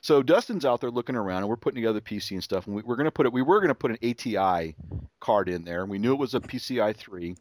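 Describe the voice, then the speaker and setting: A man's voice: mid-range voice, expressive, rapid-fire. A middle-aged man, a podcast host, telling a rambling story in casual chat, restarting sentences and acting out his son's voice.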